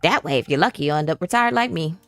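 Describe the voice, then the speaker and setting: Woman voicing a relaxed retired Southern old lady for a game, folksy drawl, lively pitch, dry sound. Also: quick pace, no echo, faint music behind. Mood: folksy advice. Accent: put-on Southern drawl.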